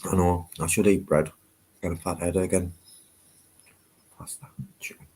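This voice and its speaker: A man's voice: deep voice, flat delivery, moderate pace, a little mellow, husky. A man with a Teesside accent, swearing a lot as he chats brashly on a live stream from his loft. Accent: Teesside English. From Northeast England. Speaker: livestream host. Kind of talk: casual live-stream chat. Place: house loft.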